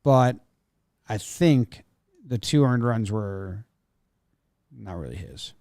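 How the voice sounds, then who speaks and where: A man's voice: fairly low pitch, lively intonation, takes it slowly, dark tone, no echo, studio quality. A man co-hosting a podcast, talking casually about baseball and often trailing off and restarting his sentences. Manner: rambling, trails off and restarts mid-thought. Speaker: podcast co-host. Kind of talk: casual sports chat.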